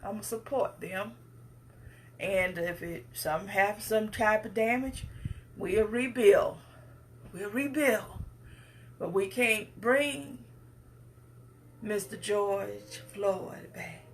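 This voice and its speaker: A woman's voice: mid-range voice, takes it slowly, creaky, a bit bright, a little hiss or hum. A woman, giving an impassioned speech with emphatic, repetitive phrasing. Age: 50s. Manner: emphatic, repetitive, preacher-like cadence. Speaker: speaker addressing the public.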